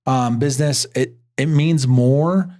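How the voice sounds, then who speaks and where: Animated male podcast co-host telling stories. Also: measured pace. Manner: animated storyteller, jumps high when quoting others. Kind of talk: casual podcast chat.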